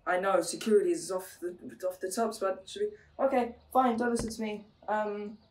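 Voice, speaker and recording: A woman playing a VR game who chats to herself in an excitable way, with many exclamations, recorded from a distance in an echoey room. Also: mid-range voice, normal speed, slight background noise. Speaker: gamer streamer.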